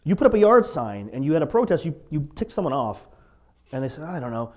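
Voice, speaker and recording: A man's voice: fairly high pitch, sing-song, fast talker, darkish tone. A male pastor, preaching a sermon in a conversational, storytelling way with asides.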